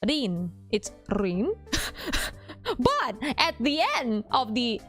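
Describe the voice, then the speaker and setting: A woman's voice: a little high, big pitch swings, extremely slow, fairly bright tone, faint music behind. A woman streaming a visual novel, chatting casually, swearing freely, laughing often and nerding out about languages. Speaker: game streamer. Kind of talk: casual live gaming commentary.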